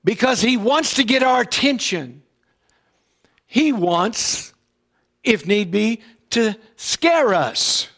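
High-voiced preacher with folksy check-ins. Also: male voice, lively intonation, takes it slowly, a bit bright. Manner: conversational preaching with frequent "all right?" check-ins. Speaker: pastor. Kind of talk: sermon. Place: church.

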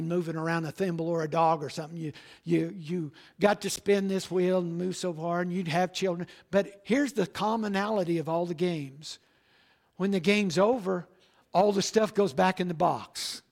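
A pastor preaching a sermon, asking rhetorical questions and repeating key lines. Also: male voice, sits high.

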